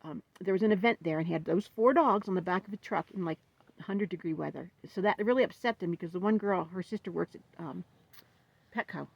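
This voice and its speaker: A woman's voice: on the low side, fairly quick, creaky, husky, no echo, lo-fi sound. A woman vlogger telling a story in a casual, upset, rambling way, venting about what happened to her dog.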